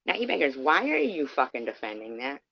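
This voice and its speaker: A woman's voice: extremely low pitch, sing-song, fairly quick, vocal fry, noisy background. Heated, cursing woman on a lo-fi stream. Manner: heated, profane, confrontational, addresses critics directly. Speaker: livestreamer. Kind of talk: angry ranting livestream. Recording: dull lo-fi stream audio.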